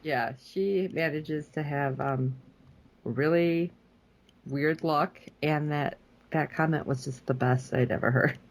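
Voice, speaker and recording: A man co-hosting a podcast, chiming in with relaxed, agreeable short reactions. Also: on the high side, takes it slowly. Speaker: podcast co-host. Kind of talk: casual recap chat.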